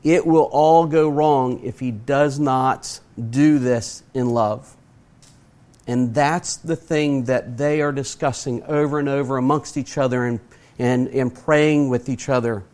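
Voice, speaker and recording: A middle-aged man preaching a sermon, earnest and emphatic, slowing down to stress his points and putting direct questions to his listeners. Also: mid-range voice, fairly even intonation, darkish tone. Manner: asks the audience direct questions.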